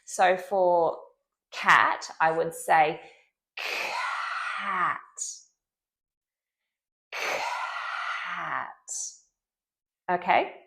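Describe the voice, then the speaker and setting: A woman speech-language pathologist talks through a therapy technique in an instructional video. Her voice sits on the low side, and she draws sounds out slowly and deliberately to demonstrate them. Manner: clear, deliberate modeling of speech sounds, drawn-out sounds.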